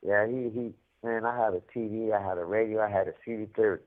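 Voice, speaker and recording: A man's voice: lowish voice, fairly even intonation, brisk. A man from Mexico, telling stories over a phone call with streetwise slang and frequent laughs. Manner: streetwise slang, laughs often, acts out voices. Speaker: incarcerated caller. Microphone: prison telephone. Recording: tinny jail phone line.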